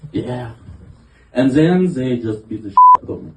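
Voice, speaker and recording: A man doing a self-mocking stand-up set in a small club, talking in a halting way with lots of fillers. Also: mid-range voice, expressive, very noisy. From half Ukrainian, half Israeli. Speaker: stand-up comedian. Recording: roomy club audio from a distance.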